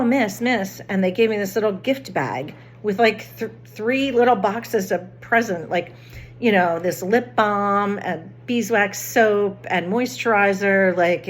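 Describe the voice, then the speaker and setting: A woman's voice: fairly low pitch, a little hiss or hum. A woman vlogger chatting casually, rambling through a personal story with many restarts and fillers.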